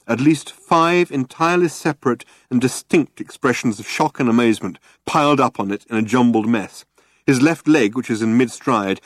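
A man narrating an audiobook in a measured, dry storytelling manner. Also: mid-range voice, no echo. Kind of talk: scripted narration.

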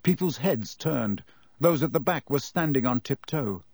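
A man narrating a fantasy audiobook in an expressive storytelling manner. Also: medium pitch, unhurried, creaky, husky, no room sound. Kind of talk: scripted narration.

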